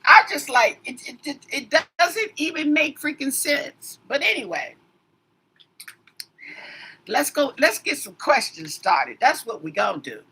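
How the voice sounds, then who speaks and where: A woman's voice: high voice, sing-song, measured pace, creaky, sharp tone. A woman tarot reader in a casual livestream chat, rambling and talking straight to her commenters with emphatic asides.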